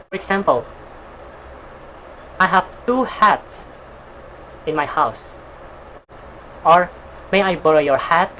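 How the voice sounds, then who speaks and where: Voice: medium pitch, fairly bright tone, slight background noise, poor audio. A teacher giving a recorded English pronunciation lesson, repeating each word and explaining it with simple example sentences.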